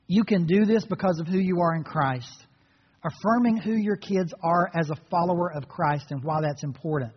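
A man preaching a sermon as a pastor, retelling a story in an earnest, storytelling manner and dropping to soft, reflective tones. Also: high voice, moderate pace, husky. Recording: reverberant hall, dull muffled sound.

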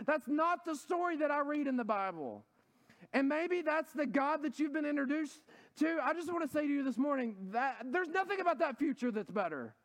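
A man preaching a sermon as pastor, telling stories with rising, animated emphasis. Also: very high-pitched. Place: church hall.

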